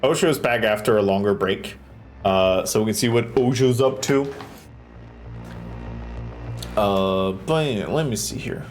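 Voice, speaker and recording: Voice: medium pitch, measured pace, pauses often, slight background noise. A streamer chatting on a live stream while building a stage, swearing freely and making goofy sound effects.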